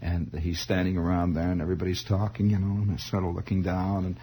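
A man telling a long personal story in a rambling, halting way, full of restarts and wry asides. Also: sits low, level tone, mellow, a little hiss or hum. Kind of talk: comic spoken storytelling.

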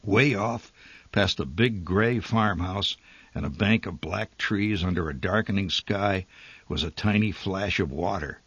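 Wry male story narrator, deeper voice, close and dry. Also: measured pace, fairly bright tone, husky, dry recording.

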